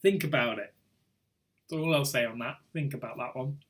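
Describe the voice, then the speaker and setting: A man's voice: mid-range voice, normal speed, fairly bright tone. A man hosting a casual online pub quiz over a video call, chatty and teasing as he reads out scores. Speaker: quiz host.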